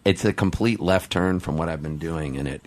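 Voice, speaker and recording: This middle-aged musician, speaking as a guest on a relaxed radio interview, has a low voice. He talks excitably and in a rambling fashion, with frequent quick restarts.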